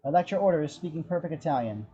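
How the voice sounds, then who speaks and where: A man narrating the action description of a screenplay in a steady, descriptive storytelling manner. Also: fairly high pitch, fast talker, breathy edge, muffled recording. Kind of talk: scripted narration.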